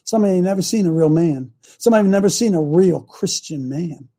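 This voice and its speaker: A man's voice: sits high, expressive, brisk, warm tone. A man preaching informally to a congregation, blunt and combative, mocking his critics and throwing asides to the room.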